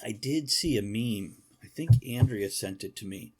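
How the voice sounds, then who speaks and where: A man's voice: on the low side, lively intonation, normal speed, background noise. A man hosting a podcast, chatting casually in a joking, rambling way and laughing often. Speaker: podcast host. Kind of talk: casual chat.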